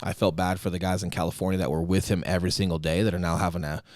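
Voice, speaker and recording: Young guy podcast host, low-ish voice, dry close sound, storytelling with voices. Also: rapid-fire, no room sound. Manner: animated, acts out quotes with a put-on high voice.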